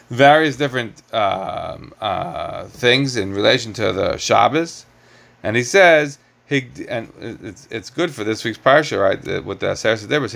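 Middle-aged guy teaching a torah class, lively, keeps asking rhetorical questions. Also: mid-range voice, creaky. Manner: animated, rhetorical questions, mixes Hebrew terms. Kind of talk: classroom lecture on commentary.

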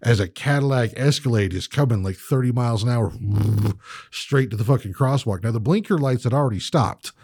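A man's voice: medium pitch, lively intonation, a little fast, hardly any pauses, darkish tone, no room sound, studio quality. A man co-hosting a podcast in a profane casual chat, ranting, swearing constantly and mimicking people. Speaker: podcast co-host.

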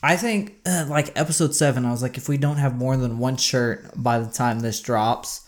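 A man's voice: mid-range voice, normal speed. A man co-hosting a casual podcast, joking and laughing as he talks. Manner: jokey, laughing, trails into silly voices. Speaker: podcast co-host.

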